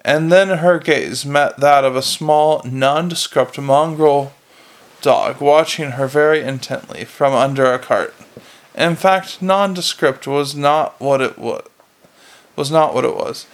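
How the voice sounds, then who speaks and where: A man's voice: a little high, measured pace. A man narrating a novel aloud in a plain, unpolished reading with frequent restarts. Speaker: audiobook reader.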